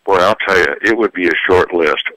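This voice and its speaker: A man's voice: sits low, a little fast, poor audio. An older man, a psychologist and author, giving parenting advice in a folksy, joking radio interview. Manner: folksy, joking, animated storyteller. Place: radio studio.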